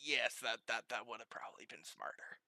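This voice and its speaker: A man's voice: medium pitch, lively intonation, a little fast, gravelly, bright, forceful tone, no room sound. A young man running a homebrew tabletop game as game master, giggly and rambling with many restarts.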